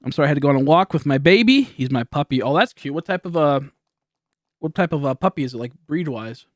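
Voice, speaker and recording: A man in his late twenties livestreaming from home into a studio mic, chatting loosely and laughing, a little high and slow on the draw. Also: animated, no echo. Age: late 20s. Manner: rambling, laughing, loose and slowed. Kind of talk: casual livestream chat reading donations. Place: home streaming setup. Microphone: high-end studio microphone.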